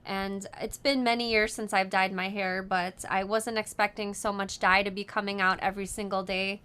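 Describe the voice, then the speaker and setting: A woman's voice: mid-range voice, little pitch movement, normal speed, bright, forceful tone, clear, resonant tone. A woman hosting a casual live show, chatting with lots of ums and easy laughter. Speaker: host of a sewing live show. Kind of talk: casual live-stream chat.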